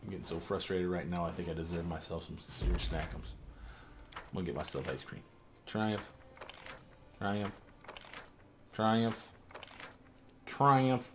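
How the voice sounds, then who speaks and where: A man's voice: low-pitched, normal speed, pauses often, background noise. A man doing gameplay commentary, exasperated and swearing as he pleads with game characters. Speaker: let's play host.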